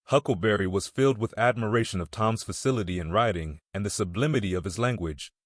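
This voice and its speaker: Man, audiobook narrator, low voice, measured storytelling, dry close recording. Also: no echo. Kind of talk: scripted narration.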